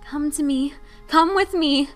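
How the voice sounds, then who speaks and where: Ghostly lover played by a woman: high, pleading, beckoning. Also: lively intonation, measured pace, dark tone, faint music behind.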